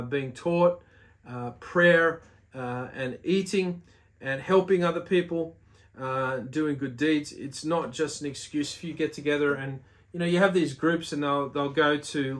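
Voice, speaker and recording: A man with a voice a little higher than most men's, talking straight to his viewers. He teaches in a loose, earnest, exhorting way, pressing his points home and leaning on frequent "uh" fillers as he goes. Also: fairly bright tone. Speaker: religious video host. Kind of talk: casual religious teaching monologue.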